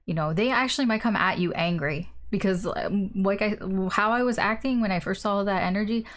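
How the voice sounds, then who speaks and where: Casting note: woman, tarot reader, mid-pitched, frank and chatty, quick to laugh. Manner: candid, chatty, laughs often and swears. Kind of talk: casual tarot reading.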